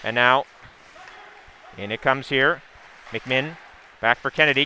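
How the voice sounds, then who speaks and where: A man giving a steady, running play-by-play call of a hockey game, with asides and sponsor plugs. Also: medium pitch, normal speed, long pauses. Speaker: play-by-play commentator. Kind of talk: live hockey play-by-play commentary.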